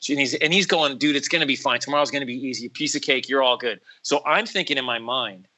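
A man telling a story in casual chat, animated and acting out quotes in other voices, with lots of "like" and "bro". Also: mid-range voice, quick pace, low-quality recording.

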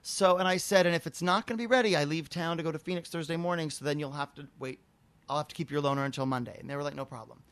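Talking fast in a clear, resonant, slightly high voice, this man hosts a casual chat show and spins a long story. He swears a lot and brings it to life by performing the characters' dialogue.

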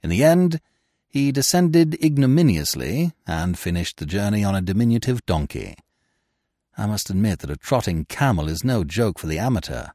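A man narrating a classic story with an expressive, dramatic reading. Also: on the low side, moderate pace, dry recording, clean studio sound. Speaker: podcast narrator. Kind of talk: scripted audiobook narration.

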